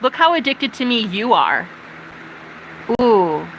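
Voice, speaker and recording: A woman livestreamer ranting to her chat in casual, profane, animated talk. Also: fairly high pitch, slow pace, a little hiss or hum, low-quality recording.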